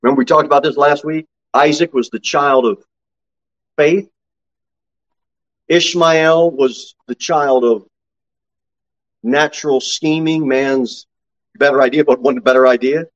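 A man preaching a sermon as pastor, swinging from low, quiet asides to high, ringing exclamations. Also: steady tone, measured pace, long pauses, muffled recording.

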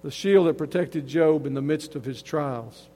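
A man with a high voice preaches an emphatic sermon. His words ring out with a long hall reverb, and he often restarts phrases as he drives each point home. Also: normal speed, vocal fry, mellow. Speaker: pastor.

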